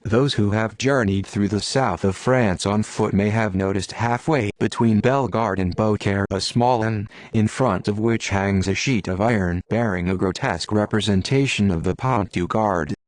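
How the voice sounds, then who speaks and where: A man reads an audiobook in a low, steady voice. The recording is dry and close, with no room sound. His delivery is even and unhurried. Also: no echo. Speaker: audiobook narrator. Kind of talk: scripted narration.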